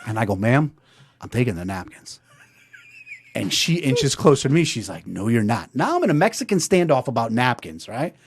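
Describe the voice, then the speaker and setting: A man hosting a podcast, telling a story in a casual, animated way and acting out the dialogue. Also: medium pitch, normal speed, a little hiss or hum. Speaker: podcast host.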